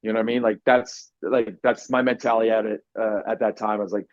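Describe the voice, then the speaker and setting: A man telling a personal story on a podcast, animated and swearing often, acting out what people said. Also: on the low side, fast, few pauses, dry recording. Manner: animated, swears a lot, acts out quotes loudly. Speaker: podcast guest. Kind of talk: casual storytelling. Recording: dry, dull lo-fi podcast audio.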